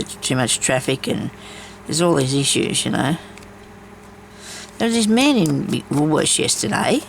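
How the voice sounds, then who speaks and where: A woman's voice: low voice, creaky, slight background noise, poor audio. A woman chats casually while she embroiders, rambling from story to story with many asides. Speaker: craft vlogger.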